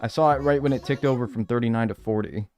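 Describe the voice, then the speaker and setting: A man's voice: medium pitch, quick pace, darkish tone. An American man chatting casually on a live stream while playing a game, joking with his chat and swearing freely.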